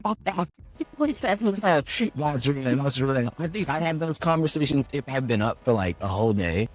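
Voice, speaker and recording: A man's voice: mid-range voice, lively intonation, normal speed, soft background music. A young adult man, a voice actor, chatting loosely in an interview and filling his talk with "like" and "you know". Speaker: voice actor guest. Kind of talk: casual interview chat.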